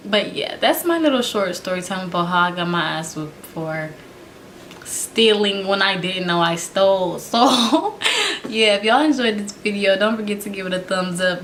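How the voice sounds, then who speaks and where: A woman's voice: medium pitch, normal speed, a little hiss or hum. Young woman telling a laughing storytime. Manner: animated, laughs often, addresses viewers as y'all. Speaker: vlogger. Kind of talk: casual storytime.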